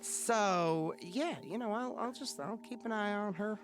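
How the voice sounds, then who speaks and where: A man's voice: high voice, measured pace, faint music behind, pitched above the performer's own voice. A man doing a rambling, easygoing ship's cook. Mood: chatty. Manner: chatty, rambling, swears casually. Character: easygoing male ship's cook, frazzled but kind.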